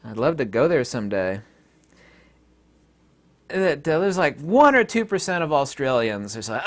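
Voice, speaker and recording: A man's voice: a little high, big pitch swings, moderate pace, a bit bright. A man from the United States talking straight to his viewers in an emphatic, ranting monologue. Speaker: vlogger. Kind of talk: casual monologue to camera.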